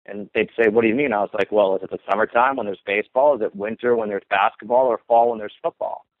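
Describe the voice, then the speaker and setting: A man's voice: fairly low pitch, fairly even intonation, fast, no room sound. Man telling stories over a phone line. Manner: casual storytelling with many ums and restarts. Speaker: sports broadcaster, guest. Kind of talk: relaxed interview answers.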